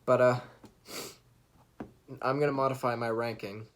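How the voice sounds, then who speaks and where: A man's voice: medium pitch, fairly even intonation, unhurried. A young adult man talking casually to camera in a vlog, retelling a movie with eager restarts and the odd laugh. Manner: earnest, enthusiastic fan recounting a movie with restarts and laughs. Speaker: vlogger.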